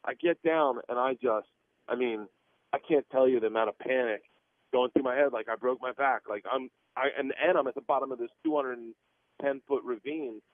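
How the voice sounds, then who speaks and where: Calling in by phone to a radio interview, a comedian in his 40s speaks a little fast in a mid-range voice on a dry recording. His story moves from a plane seat to the airplane lavatory, and he laughs animatedly through his own tale over the tinny line.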